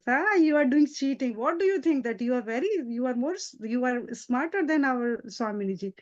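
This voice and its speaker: A woman's voice: high voice, expressive, moderate pace, lo-fi sound. A woman voicing a teasing, scolding young female attendant in a devotional story, in a mocking tone. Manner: mocking, chiding.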